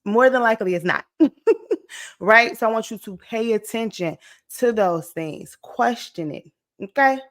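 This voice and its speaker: A woman about to turn forty, giving an energetic, encouraging motivational talk to her viewers, checking in often with "okay?" and "right?". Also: a little high, measured pace. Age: late 30s. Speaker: motivational vlogger. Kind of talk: casual motivational talk to camera.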